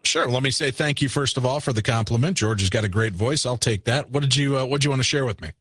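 A man hosting a late-night call-in radio show, talking in a measured, patient way with frequent fillers. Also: medium pitch, a bit bright, no room sound, clean studio sound. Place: radio studio. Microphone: studio microphone.

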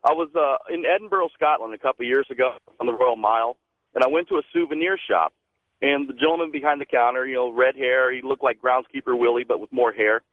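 A man's voice: mid-range voice, fast, no echo. A man from Texas calling in to a radio show and telling a story earnestly. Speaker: caller. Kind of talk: call-in storytelling. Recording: phone line.

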